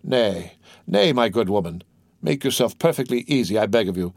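A man reading a grave, measured priest. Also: lowish voice, very animated, no echo, studio quality. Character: calm, secretly shaken priest. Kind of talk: audiobook character reading.

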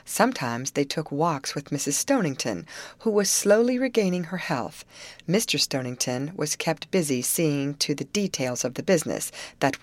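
A woman reads a novel aloud in a low voice with a lively, rising and falling melody. She narrates steadily and lifts her pitch and volume when the characters speak. The sound is close and dry. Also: no room sound. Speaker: audiobook reader.

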